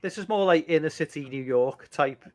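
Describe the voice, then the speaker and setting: A man's voice: fairly high pitch, moderate pace, a little mellow, no room sound. A man with an English accent chatting casually on a video call, rambling with many fillers and restarts. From United Kingdom. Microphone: computer mic on a video call.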